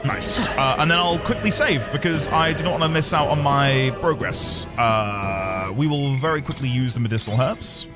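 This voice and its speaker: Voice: medium pitch, lively intonation, normal speed, few pauses. A streamer playing a story game live, chatting to viewers and bursting into laughter and wails. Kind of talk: casual live-stream commentary. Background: game music.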